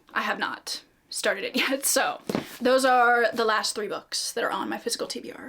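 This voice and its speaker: A woman's voice: high-pitched, a bit bright. A young woman talking casually on her book vlog, chatty and rambling, with a lot of "like" and "um" and self-deprecating asides. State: out of breath. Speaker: book vlogger.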